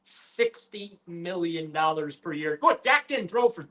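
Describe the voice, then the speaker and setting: A man co-hosting sports radio, his voice sitting a bit high with a bright, ringing tone. He talks animatedly and with emphasis, restarting phrases as he makes his points. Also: expressive, a little slow. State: has the hiccups. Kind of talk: casual sports talk.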